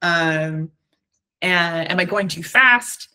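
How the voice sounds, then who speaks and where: A woman's voice: on the low side, slow pace, bright, forceful tone, clean tone. A woman from Southern California with a Valley Girl accent, giving an encouraging, chatty workshop talk with frequent ums. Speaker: workshop speaker.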